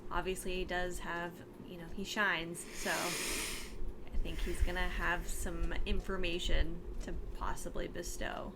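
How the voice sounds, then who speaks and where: A woman with a fairly low voice chats in a casual review, agreeable and backing up her partner with short replies. A clear hiss runs through the recording. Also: level tone, slow. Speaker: podcast co-host.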